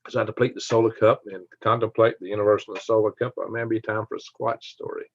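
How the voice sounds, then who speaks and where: With a fairly low voice and fairly even intonation, a man with a Southern US accent talks quickly while hosting a casual livestream and reading viewer comments. He rambles in a folksy style and often chuckles. The recording is dry, with the highs cut off.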